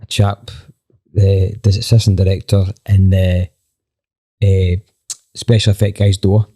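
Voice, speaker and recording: A Scottish man, a band member on a podcast, telling a lively anecdote with plenty of swearing and acted-out dialogue. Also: low voice, measured pace. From Scotland. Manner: animated, swears freely, acts out quoted dialogue. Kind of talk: casual storytelling anecdote.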